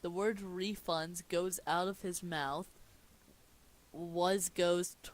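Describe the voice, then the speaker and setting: A young man with a high-pitched voice reads a cartoon movie script slowly and steadily for comic effect, with slight background noise. He keeps fumbling and restarting lines, interrupting himself with amused comments on the text.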